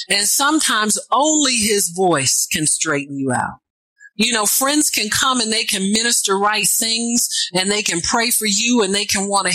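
Bright-voiced woman preaching a sermon. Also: medium pitch, no room sound, low-quality recording. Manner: call-and-response asides, rising to shouts.

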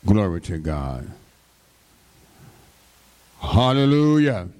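A man's voice: fairly low pitch, big pitch swings, very slow, darkish tone. A man preaching a sermon, drawing out his words and breaking in with frequent call-and-response interjections to the congregation.

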